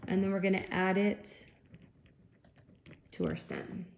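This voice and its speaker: A woman's voice: medium pitch, wildly swooping pitch, slow pace, vocal fry, a little mellow. A woman teacher giving a classroom lecture, explaining step by step and checking in with frequent okays. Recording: echoey room, faint noise.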